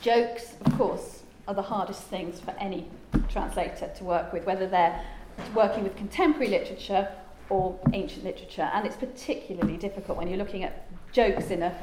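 A woman gives a relaxed, rambling lecture full of asides and filler words. Her voice sits in the middle of the range for a woman. The room is echoey, with a faint hum of ambience behind her. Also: mid-range voice, brisk, few pauses. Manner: chatty, digressive, with frequent ums and asides. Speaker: lecturer and translator. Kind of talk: informal lecture.

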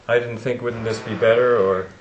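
An older man giving reflective closing remarks at a conference, and slowing down to stress lines of poetry. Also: medium pitch, fairly even intonation, a little hiss or hum. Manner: reflective, recites poetry with slow emphasis. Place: lecture room. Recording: roomy hall echo.

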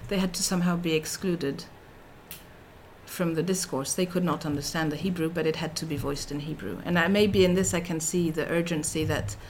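A middle-aged woman delivers an academic lecture in a somewhat low voice, thinking aloud with many fillers and restarts. A faint noise sits behind her voice. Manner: thoughtful, with frequent fillers and restarts. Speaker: researcher giving a talk.

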